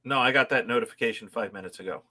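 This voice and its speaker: A man co-hosting a casual golf podcast, chiming in with quick teasing asides. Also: medium pitch, bright, forceful tone. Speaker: podcast co-host. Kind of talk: casual sports chat.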